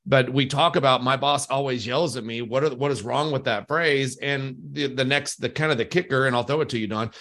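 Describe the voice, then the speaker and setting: A man's voice: mid-range voice, brisk, hardly any pauses, a bit bright. A man co-hosting a workplace talk, rambling a bit and acting out quoted phrases as he explains. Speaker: podcast co-host, workplace trainer. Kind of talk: casual conversational discussion.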